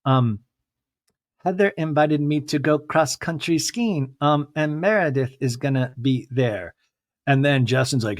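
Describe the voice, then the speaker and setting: A man in his thirties rambles through a solo podcast recap in a mid-pitched, conversational voice. He keeps breaking into high, exaggerated put-on voices to act out what people said. The recording is close and completely dry. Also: moderate pace, no echo. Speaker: podcast host.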